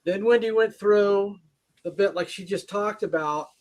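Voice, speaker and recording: A man's voice: high-pitched, unhurried. A man, a guest on a livestream, explaining things step by step in casual chat. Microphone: livestream call.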